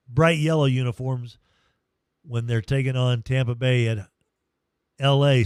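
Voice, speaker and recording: A man hosts a sports talk show in a loose, chatty way. He acts out what players said as he tells their stories. His voice sits at an everyday pitch and sounds dry and close, with no room around it. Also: darkish tone, clean tone, no echo. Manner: storytelling, acting out quotes; reads live sponsor reads. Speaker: sports radio host.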